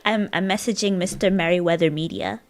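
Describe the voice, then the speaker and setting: A woman's voice: fairly low pitch, steady tone, brisk. Casting note: woman streamer, giggly and playful, casual gaming chatter. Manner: giggly, laughs often, playful. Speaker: live streamer. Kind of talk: casual live-stream chat while gaming.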